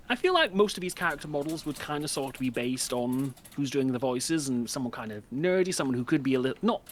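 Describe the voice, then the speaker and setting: A man in a casual book club chat, pitching ideas with rambling enthusiasm.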